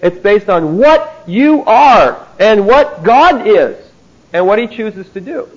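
A high-pitched man delivers a classroom theology lecture. He talks in an emphatic way and keeps checking in with his listeners by asking "see?". The recording sounds dull and lo-fi. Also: big pitch swings, takes it slowly. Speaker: Bible teacher.

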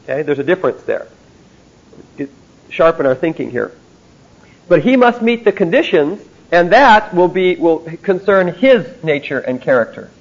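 In a dull, lo-fi recording, a Bible teacher with a high-pitched voice gives a theology lecture to a class. He speaks emphatically at a moderate pace with big swings in pitch, repeatedly asking "see?" to check in with listeners.

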